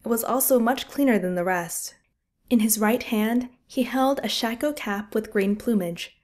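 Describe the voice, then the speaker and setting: A woman narrating a fantasy war audiobook in an expressive, vivid storytelling style. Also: on the high side, normal speed.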